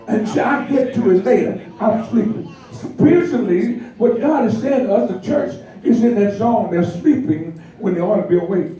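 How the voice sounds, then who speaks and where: A man preaches with a high, mellow voice, lively and laughing as he acts out the people in his stories. He sounds far from the microphone in a very echoey church hall. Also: normal speed, hardly any pauses. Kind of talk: sermon. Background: congregation responding.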